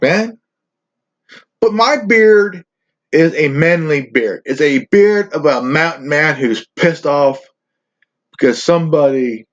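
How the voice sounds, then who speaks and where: A man hosting his own channel, ranting profanely in a rambling, stammering way. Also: on the high side. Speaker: channel host. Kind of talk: ranting vlog. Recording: dull lo-fi recording.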